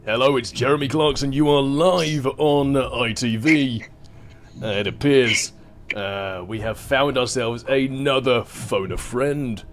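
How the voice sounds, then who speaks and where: A man putting on the voice of a middle-aged male TV quiz host, announcing in a grand, drawn-out way. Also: mid-range voice, a little hiss or hum, lightly acted. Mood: impatient.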